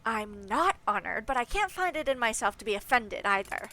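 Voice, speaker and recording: A woman's voice: a little high, very animated, normal speed, sharp tone, full character voice. A woman reading the inner monologue of a cautious young female investigator in a dry, wry tone. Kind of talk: game narration read aloud.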